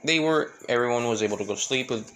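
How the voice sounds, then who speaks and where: A man's voice: mid-range voice, fast talker, fairly bright tone. Man, rambling fan story retelling, lots of fillers, self-corrections, faint background noise.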